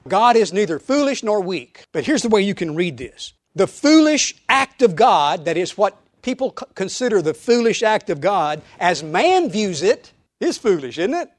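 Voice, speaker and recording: A man preaching a sermon to his church, emphatic, with rhetorical questions and sudden drops to quiet asides. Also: sits high, very animated, moderate pace, dry recording, studio quality. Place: church auditorium.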